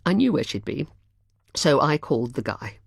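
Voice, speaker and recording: A man's voice: mid-range voice, sing-song, vocal fry, slightly rough, no echo, clean studio sound, heavily acted. A woman voicing a heartbroken tearful young man. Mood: distraught. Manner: hushed, choked, halting speech. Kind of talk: audiobook character voice.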